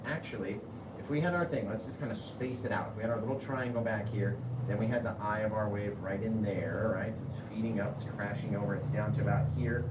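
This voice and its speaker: A man hosting a live painting tutorial, chatty, laughing easily and often checking in with a quick "right?". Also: mid-range voice, echoey room, background noise. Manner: chatty, keeps asking "right?"; laughs easily while talking. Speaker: painting instructor.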